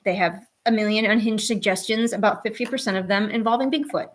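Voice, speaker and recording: An art streamer drawing at home chats casually with her viewers on a live stream, talking to both her cats and the chat. Her voice is mid-range, and she talks fast.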